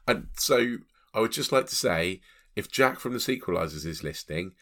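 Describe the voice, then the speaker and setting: A man's voice: lowish voice, expressive, moderate pace, a bit bright. A man co-hosting a casual film review podcast, exclaiming and laughing often as he talks. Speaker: podcast co-host.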